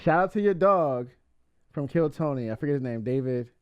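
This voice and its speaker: A man's voice: a little high, animated, fairly quick, smooth, dry recording. A man co-hosting a podcast in casual chat, a supportive listener with lots of "mm-hmm" and "yeah". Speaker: podcast co-host. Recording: dull, dry mic sound.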